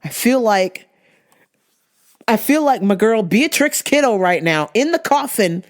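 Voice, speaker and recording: A young woman telling a story to camera in a casual, exasperated rant, swearing freely and rising to shouts. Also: fairly high pitch, expressive, unhurried. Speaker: vlogger.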